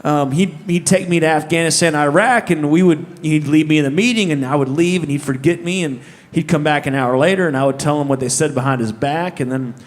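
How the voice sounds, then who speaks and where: A man's voice: on the high side, a little fast, pitched below the performer's own voice, natural voice. A rambling old talking dog, as a man puts him on. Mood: boastful. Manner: rambling, tall-tale bragging. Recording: live hall reverb with guitar.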